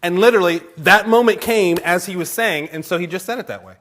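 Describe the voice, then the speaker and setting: A male pastor with a twang gives a sermon in church, and his voice sounds bright and a little high. He tells his stories with plenty of laughter and acts out both sides of little conversations. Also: brisk. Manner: animated storytelling, laughs often, acts out conversations.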